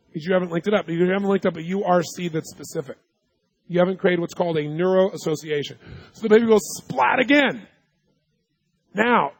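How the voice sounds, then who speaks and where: A seminar speaker with a high-pitched voice gives a live talk, telling stories emphatically and quizzing the audience with yes-or-no questions. There is no room sound.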